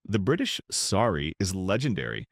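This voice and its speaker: A man narrating a scripted documentary with a measured, rhythmic delivery that pauses between listed items. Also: low voice, wildly swooping pitch, vocal fry, no room sound, studio quality.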